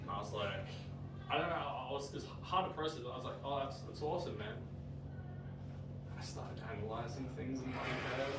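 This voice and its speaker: A man's voice: mid-range voice, a little fast. A man from Australia, preaching a conversational sermon and acting out both sides of conversations. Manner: animated storytelling, acts out both sides of conversations. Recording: echoey church hall, mic at a distance, audible room noise.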